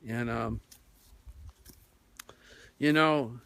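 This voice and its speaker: A man on the radio tells a wandering winter tale at a leisurely pace. He often pauses on fillers as he goes. His voice sits at a middling pitch, and his storytelling rambles. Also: vocal fry, fairly bright tone, slight background noise. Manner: meandering, with many fillers. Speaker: radio host.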